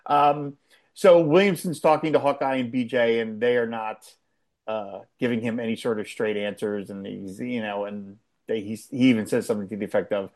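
A man in casual conversation, rambling and animated as he recaps a television episode, with frequent restarts. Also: medium pitch, moderate pace. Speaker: podcast co-host. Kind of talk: casual chat.

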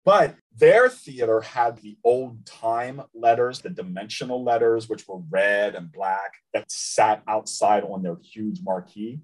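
A man's voice: fairly low pitch, a little slow, few pauses, poor audio. A man co-hosting a podcast, chatting casually about comics and telling stories with a laugh now and then. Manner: chatty, animated storytelling with laughs. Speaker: podcast co-host.

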